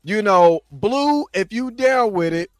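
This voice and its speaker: Excitable man hosting a live chat. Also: sits high, slow pace, clean tone, dry recording. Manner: excitable, laughs often, shouts when thrilled. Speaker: show host. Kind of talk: casual live-stream chat.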